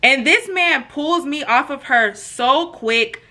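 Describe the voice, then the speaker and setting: A woman with a bright, forceful voice pitched a little high tells a storytime straight to her viewers. She is animated and slangy and acts out each quote as she goes. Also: slow. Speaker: storytime vlogger. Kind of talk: casual storytime addressed to viewers.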